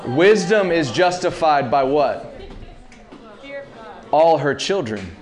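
A man's voice: fairly high pitch, expressive, slow, some chatter behind. Impassioned male preacher in his thirties. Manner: rising to loud impassioned peaks, calls to the audience. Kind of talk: sermon.

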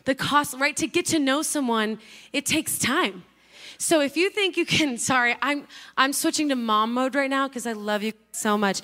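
Woman in her thirties, youth preacher, high bright voice, chatty and excitable, lots of fillers. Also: moderate pace, clean tone. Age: 30s. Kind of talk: casual youth sermon.

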